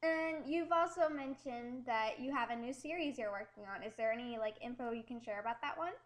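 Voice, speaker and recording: A woman with a high voice runs a casual interview. She is eager and giggly, reacting warmly and excitedly to each answer before asking the next question. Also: fairly quick. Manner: enthusiastic, giggly.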